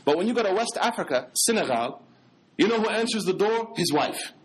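An American man, an imam, giving a lively religious lecture in casual street slang mixed with scholarly terms. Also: high voice, fairly quick. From United States.

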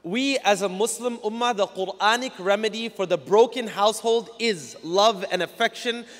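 A man with a high, light voice speaks to a gathered crowd from a stage, earnest and direct in a plain conversational way. His words ring out with the long reverb of a large hall. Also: moderate pace. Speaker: guest speaker at a Muslim community talk. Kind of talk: religious talk to a live audience.

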